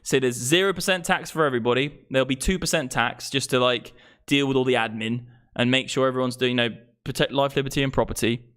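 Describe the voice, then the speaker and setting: A man's voice: medium pitch, fast, a bit bright, clean tone. A young man ranting about politics on his livestream, swearing freely and getting worked up into a microphone. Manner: profane, fired-up political rant. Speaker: crypto livestream host. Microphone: streaming microphone.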